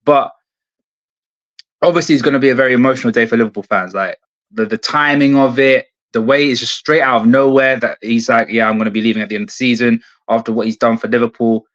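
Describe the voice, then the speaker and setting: A man's voice: mid-range voice, fairly even intonation, fast talker, fairly bright tone. A man calling in as a football fan guest, stunned and blunt, swearing, over an earphone mic. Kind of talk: casual podcast chat. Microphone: earphone mic on a call. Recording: dull lo-fi call audio.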